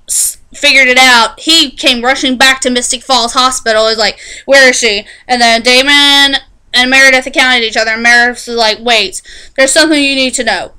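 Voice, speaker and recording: A woman casually recapping a TV episode in a chatty, animated way, often restarting her sentences. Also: high voice, smooth, rough recording. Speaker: TV show reviewer.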